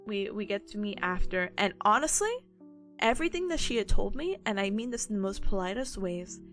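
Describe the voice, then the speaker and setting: A woman's voice: mid-range voice, brisk, soft background music. A woman in her twenties, a streamer, chatting casually and acting out the people in her story. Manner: animated, acts out quoted people.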